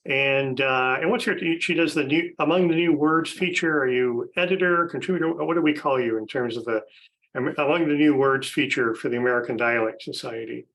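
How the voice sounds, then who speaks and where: A man's voice: mid-range voice, fairly quick, fairly bright tone, low-quality recording. A man hosting a podcast, casually introducing a panel of guests, chatty with frequent fillers and restarts. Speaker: podcast host.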